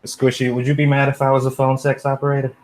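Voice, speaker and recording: A man co-hosting a casual live-streamed chat, chiming in with quick teasing jokes. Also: mid-range voice, completely flat delivery, a little mellow. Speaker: podcast co-host.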